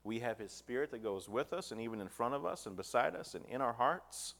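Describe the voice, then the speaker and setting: A male preacher speaks at an ordinary, middle pitch for a man. He reads passages of scripture aloud with rising emphasis. He keeps turning to his listeners with rhetorical questions. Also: lively intonation, brisk, gravelly, fairly bright tone. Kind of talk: sermon.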